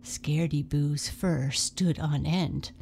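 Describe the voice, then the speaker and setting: A woman narrating a children's storybook in a gentle rhyming read-aloud with dramatic shifts. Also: sits low, steady tone, slow, gravelly, a little hiss or hum.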